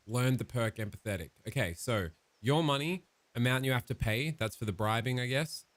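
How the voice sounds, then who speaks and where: A man's voice: mid-range voice, animated, moderate pace, hardly any pauses, dry recording. Offhand, teasing man gaming. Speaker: gamer chatting with an AI. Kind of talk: casual gameplay commentary.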